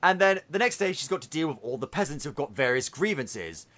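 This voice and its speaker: A man hosting a podcast, retelling a film in a casual, animated way with swearing. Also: a little high, a little fast. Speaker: podcast host.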